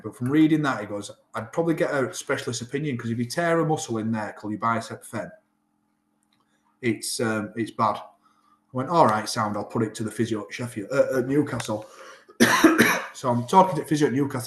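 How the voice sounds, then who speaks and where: A man in his thirties with a Yorkshire accent, a rugby player telling his story in a casual interview, acting out what people said. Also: medium pitch. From England. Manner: animated, acts out quoted dialogue. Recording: roomy echo.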